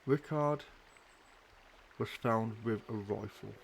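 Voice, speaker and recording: A man's voice: on the low side, takes it slowly, vocal fry, a little hiss or hum. A young adult man streaming a video game live, thinking aloud casually and hesitantly.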